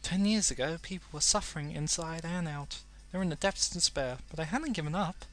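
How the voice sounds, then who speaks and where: A man's voice: a little high, fairly quick, a bit bright, close to an everyday voice. A man reading as a thoughtful British sprite. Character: wise nature sprite.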